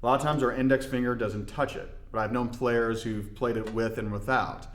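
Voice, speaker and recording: A man from Indiana explaining hand-drum technique in a relaxed, step-by-step way with folksy asides. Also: mid-range voice, moderate pace, reverberant, a little hiss or hum. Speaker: darbuka teacher. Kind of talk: instructional demonstration.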